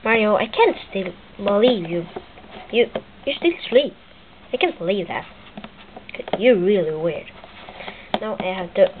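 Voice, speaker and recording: A woman voicing a childish, spiteful male plumber who plots against his brother, speaking broken English over a tinny, hissy line. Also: mid-range voice. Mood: scheming. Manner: broken English, excitable narration of a toy skit. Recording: tinny lo-fi with loud hiss.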